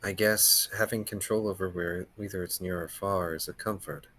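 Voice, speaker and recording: A man playing his character in a tabletop game, speaking calmly and reasoning things out. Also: low-pitched, moderate pace. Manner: calm, reasoning. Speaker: player.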